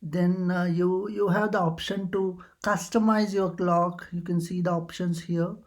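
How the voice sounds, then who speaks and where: Tutorial host, casual walkthrough, hesitant, uh fillers, flat level pitch. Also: a little slow. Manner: hesitant, many uh fillers and restarts. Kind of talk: casual screen-recording walkthrough.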